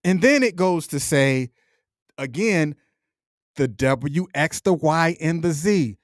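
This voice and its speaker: A man's voice: fairly high pitch, lively intonation, slow, no echo, clean studio sound. A middle-aged man hosting a podcast, delivering a reflective motivational monologue in a repetitive, preacher-like cadence. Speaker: podcast host.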